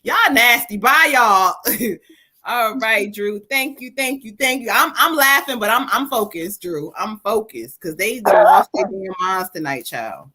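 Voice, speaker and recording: A woman's voice: fairly high pitch, lively intonation, measured pace, pushed and bright. A woman hosting a live psychic reading stream who banters, laughs and swears with viewers before reading cards for them. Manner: laughing, bantering, profane, addresses viewers directly.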